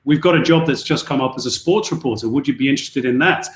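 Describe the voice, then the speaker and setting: An English man, a sports commentator as a podcast guest, telling relaxed stories with many fillers and restarts. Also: medium pitch, quick pace, reverberant. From England. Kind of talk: casual podcast interview.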